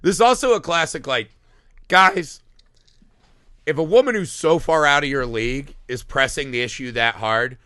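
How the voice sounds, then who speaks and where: A man co-hosting a movie podcast, chatting casually and swearing a lot, slipping into quick character impressions. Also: a little high, no room sound, studio quality. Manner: animated, profane, acts out characters in quick impressions. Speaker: podcast co-host. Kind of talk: casual movie-review chat.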